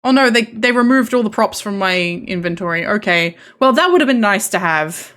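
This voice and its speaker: A woman's voice: medium pitch, expressive, normal speed, a bit bright. A woman streaming a horror game, muttering to herself, hesitant and swearing freely. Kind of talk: live gaming commentary.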